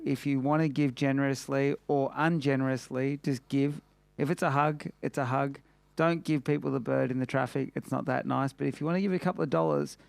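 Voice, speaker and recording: Gravelly exuberant Australian male host. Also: medium pitch, no room sound. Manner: chatty, exuberant, slangy. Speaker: podcast host. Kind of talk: casual chat show hosting.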